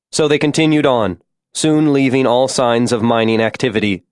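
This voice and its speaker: A man narrating a story in a measured, descriptive reading. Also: mid-range voice, fairly even intonation, no room sound, clean studio sound. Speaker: audiobook narrator. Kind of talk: scripted narration.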